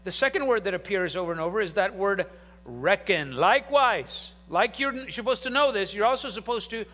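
A man pastor preaching an animated sermon, swinging between loud bursts and quiet asides, recorded in a large church hall. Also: sits high, a little fast.

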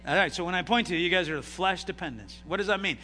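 A man preaching a sermon, calling out to the congregation for responses and swinging sharply between loud and quiet delivery. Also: sits high, quick pace, long reverb tail, faint music behind. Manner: call-and-response preaching, dramatic swings in loudness. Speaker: pastor.

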